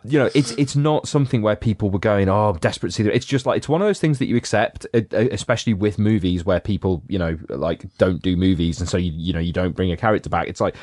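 Male podcaster, lowish voice, animated and digressive, dead-dry mic. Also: fast talker, few pauses, dry recording. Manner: enthusiastic, rambling, acts out quotes. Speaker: podcast panelist. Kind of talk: casual film discussion.

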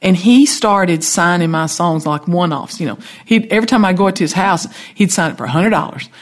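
Southern-accented woman, lowish husky voice, lively raconteur guest. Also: brisk. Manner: chatty, animated storytelling with laughs. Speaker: songwriter guest. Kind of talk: casual storytelling chat.

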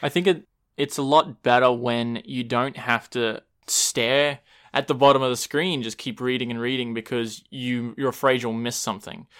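Man, podcast host, measured and thoughtful, casual chat, middle pitch. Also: a bit bright.

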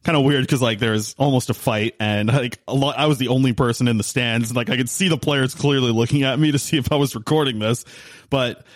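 A man's voice: medium pitch, fairly even intonation, fairly quick, no echo, studio quality. Rambling man chatting hockey. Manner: rambling storyteller with many restarts. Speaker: podcast co-host, hockey reporter. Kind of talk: casual sports podcast chat.

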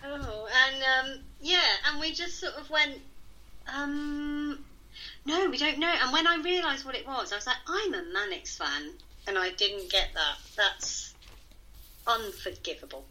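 A woman co-hosting a podcast in casual chat, giggly and quick to laugh at her own bad puns. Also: sits high, pushed and bright, rough recording. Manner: giggly, self-mocking about her puns. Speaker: podcast co-host.

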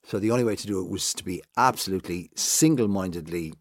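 A middle-aged man talking casually as a guest and telling animated stories about his old working hours. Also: fast talker, no room sound, clean studio sound. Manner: animated storyteller, jumps high to mimic others. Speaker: guest, former breakfast TV presenter. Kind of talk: casual chat.

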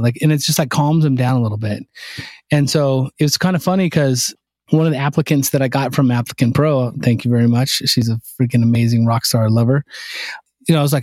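A man's voice: mid-range voice, fast talker, dry recording. A man in casual podcast chat, a contracting business owner telling stories and acting out dialogue. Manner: animated storyteller, acts out dialogue.

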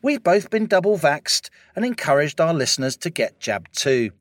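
A man's voice: on the high side, sing-song, moderate pace, dry recording. A British man co-hosting a political podcast, delivering a wry, rhetorical opening and then chatting. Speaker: podcast co-host.

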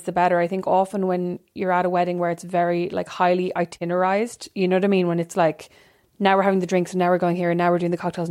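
Fast-talking chatty young woman. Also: fairly low pitch, darkish tone. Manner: chatty storyteller, acts out quotes animatedly. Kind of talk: casual chat.

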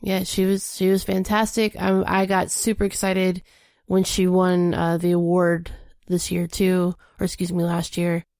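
A woman's voice: on the low side, monotone, a little slow, darkish tone, no room sound. Female podcast co-host, teasing and blunt, dry recording. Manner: playful, laughs easily, blunt. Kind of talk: casual game chat.

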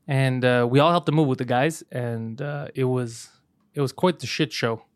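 A man co-hosting a casual comedy podcast, telling profane stories quickly. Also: medium pitch, steady tone, clear, resonant tone, no echo, studio quality. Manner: rapid, profane storytelling with acted quotes. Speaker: podcast co-host.

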